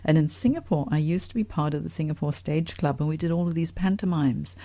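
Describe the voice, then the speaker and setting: Woman podcast host, upbeat and chatty, warm mellow tone. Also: low voice, brisk. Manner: lively, enthusiastic questioning. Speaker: podcast host, career coach. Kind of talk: podcast interview.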